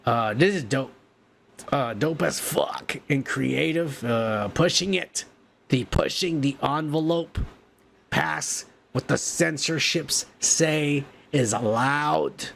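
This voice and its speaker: A man's voice: on the high side, slow pace, creaky, fairly bright tone, slight background noise. A male podcast host delivering a profane, ranting comedic news segment.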